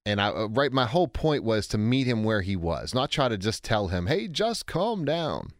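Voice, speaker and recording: An author and speaker on handling anger answers a listener's question in a conversational teaching monologue, talking a little fast. He's animated, acting out quoted voices with big pitch jumps and often restarting his sentences. The clean studio recording has no room sound.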